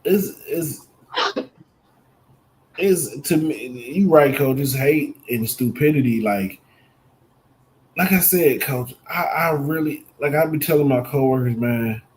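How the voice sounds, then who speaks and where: Animated man chatting casually. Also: mid-range voice, slow pace, pauses often, a little hiss or hum, poor audio. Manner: animated, colloquial, repeats words as he thinks. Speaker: podcast co-host. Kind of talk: casual podcast chat.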